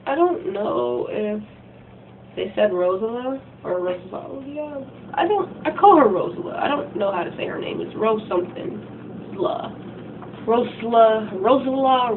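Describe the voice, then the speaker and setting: A woman vlogger ranting casually about a game, rambling and breathless, full of "like" and "freaking". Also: medium pitch. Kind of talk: casual rant retelling a game. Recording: tinny phone-like recording, faint hum.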